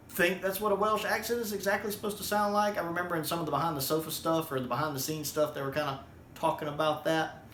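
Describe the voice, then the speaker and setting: A man's voice: mid-range voice, a bit bright, a little hiss or hum. Rambling man reviewing, roomy sound. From United States. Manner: rambling, with many ums and repeated words. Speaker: video reviewer. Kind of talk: casual spoken review.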